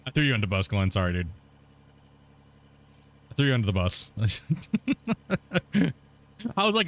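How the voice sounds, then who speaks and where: Bright-voiced laid-back gaming streamer man. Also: medium pitch, very animated, moderate pace, long pauses. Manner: laid-back, laughs often, chats with viewers and people at home. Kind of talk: casual live-stream chat. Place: home.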